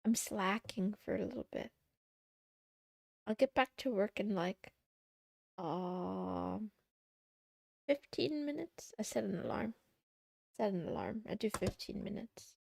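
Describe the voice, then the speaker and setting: Chatty woman streamer with a gravelly voice. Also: normal speed, no room sound, clean studio sound. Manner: chatty, playful, says meow, high squeals when excited. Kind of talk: casual chat with live chat.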